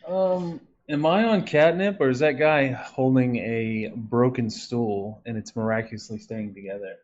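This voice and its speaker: A man's voice: mid-range voice, unhurried, darkish tone, dull audio. A man playing a tabletop game, making wry joking remarks. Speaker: player. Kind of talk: casual tabletop play.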